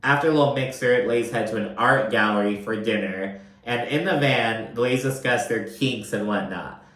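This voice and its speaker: A man's voice: on the low side, brisk, a bit bright. A young man recapping a reality show in casual, rambling commentary, full of fillers and campy asides. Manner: chatty, rambling, lots of fillers, campy mock voices. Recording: roomy echo.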